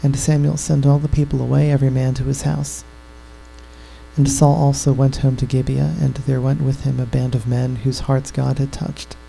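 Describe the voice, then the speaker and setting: A man reading Bible verses aloud in a steady, formal way. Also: mid-range voice, moderate pace, vocal fry, a little hiss or hum, poor audio. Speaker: scripture reader.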